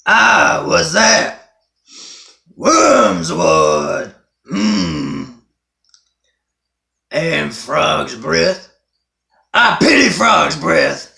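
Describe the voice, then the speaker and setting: A man voicing a cranky old mad scientist who barks tough threats in a raspy voice. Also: a little high, wildly swooping pitch, extremely slow, long pauses, bright, forceful tone, pitched above the performer's own voice, full character voice. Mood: scolding. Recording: roomy echo.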